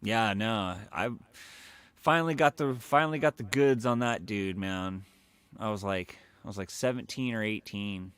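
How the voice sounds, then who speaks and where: A man's voice: lowish voice, normal speed, a bit bright, clean tone, dry recording. A man telling a story on a live stream in a rambling, profane, casual way, full of filler words. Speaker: livestreamer.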